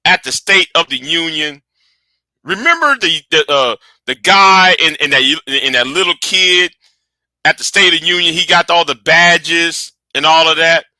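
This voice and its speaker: A man hosting casual commentary, animated and rambling, often restarting and sinking to mutters. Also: on the high side, no room sound. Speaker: commentary host.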